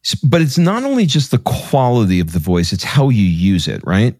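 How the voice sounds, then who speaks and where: A man's voice: fairly low pitch, huge pitch swings, normal speed, a little mellow, no room sound. A man hosting a podcast interview, asking curious follow-up questions in a conversational way. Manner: curious, asks follow-up questions with brief affirmations. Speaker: podcast host.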